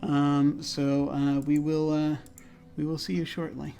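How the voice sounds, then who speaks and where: A man's voice: a little high, monotone, a little slow, creaky, mellow. A man playing in a tabletop game and hosting the stream, telling his character's scene in a rambling way with many fillers and restarts. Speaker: player and show host. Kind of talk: casual tabletop game play.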